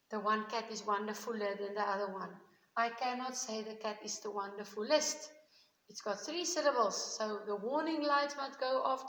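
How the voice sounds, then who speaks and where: A woman's voice: a little high, fairly bright tone. A woman teaching a grammar lesson on video, explaining patiently step by step. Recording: echoey room with long reverb.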